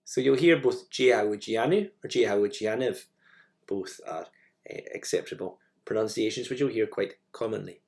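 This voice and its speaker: A man narrating a recorded language lesson, modelling each phrase slowly and repeating it twice. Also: fairly low pitch, gravelly, a little mellow. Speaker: language teacher.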